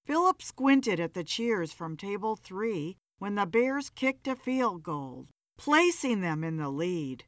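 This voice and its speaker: A woman's voice: mid-range voice, big pitch swings, slow pace, few pauses, no echo, clean studio sound. A woman narrating a short story in a scripted reading.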